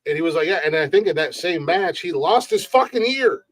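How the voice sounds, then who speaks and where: Male podcast co-host, slightly high pitch, profane rambling banter. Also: animated, fairly quick. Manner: profane, rambling, laughing often.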